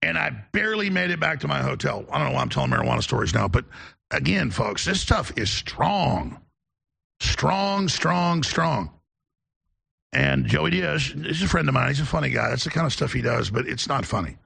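Guy hosting a show, super gravelly voice, kinda husky, rambles off on tangents. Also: mid-range voice, expressive, fast talker, sharp tone. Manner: rambling, digressive anecdotes. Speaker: show host. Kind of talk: casual on-air storytelling.

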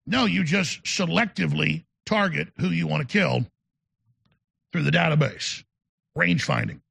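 A man hosts a talk show in an emphatic, rambling monologue. His voice sits high and rough with heavy gravel, and it has a husky edge. He often stumbles back over his own words. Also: measured pace, a bit bright. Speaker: show host.

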